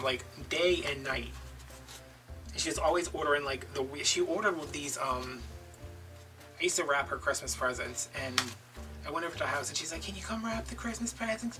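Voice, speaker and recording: A man telling a casual story as a crafting video host, animated and gossipy, acting out other people's voices as he goes. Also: on the high side. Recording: distant mic with faint background music.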